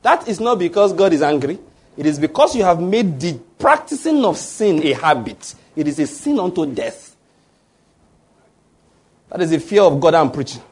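A man's voice: fairly high pitch, sing-song, moderate pace, slightly rough. A man preaching a sermon, emphatic and often restarting his words while asking the congregation to fill in the answers. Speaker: pastor.

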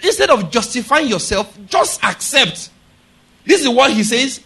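A man's voice: very high-pitched, sing-song, moderate pace, vocal fry, sharp tone, breathy edge. A man preaching a sermon, emphatic and direct, often asking his listeners rhetorical questions.

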